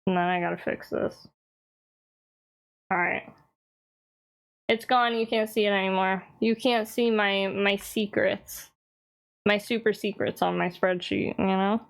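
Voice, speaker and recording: A woman's voice: medium pitch, fairly even intonation, a little slow, gravelly, pauses often. A woman streamer chatting casually on a live stream, teasing and answering her chat with frequent laughs.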